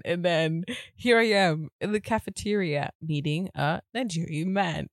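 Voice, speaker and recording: Woman, from Germany, podcast co-host, low-pitched, dry sound, animated, laughing. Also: unhurried, few pauses, dry recording. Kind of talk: casual storytelling chat.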